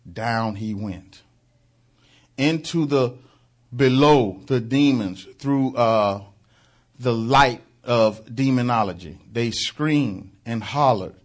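A man preaching a sermon, dramatizing the story with loud surges and quiet asides, with frequent halting fillers. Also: mid-range voice. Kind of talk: fervent sermon.

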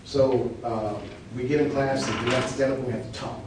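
A male preacher, telling an animated testimony and acting out the people in his story. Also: medium pitch, brisk. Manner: animated storyteller, acts out quotes with laughter. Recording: echoey hall, distant mic, noisy.

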